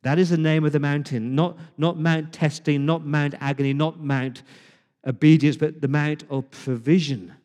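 A man preaching a sermon as pastor, speaking with passion, dramatic pauses and repeated words. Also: fairly high pitch, steady tone, darkish tone, big-room sound. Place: church.

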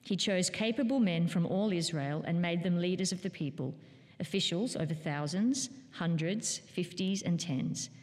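A woman's voice: lowish voice, moderate pace, darkish tone. Woman reading scripture in a church. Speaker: scripture reader. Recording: long church reverb.

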